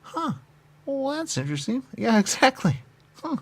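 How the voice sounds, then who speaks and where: Man riffing absurd bits, gravelly and husky, all over the place in pitch. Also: sing-song, normal speed. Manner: absurd, playful back-and-forth, some whispered asides. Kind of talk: improvised comedy banter.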